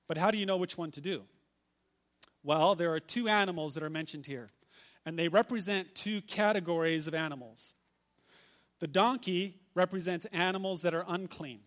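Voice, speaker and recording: A man with a notably high voice delivers a sermon from the pulpit. He reads scripture aloud and lingers on key phrases, repeating them slowly and with emphasis. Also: a bit bright. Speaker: pastor.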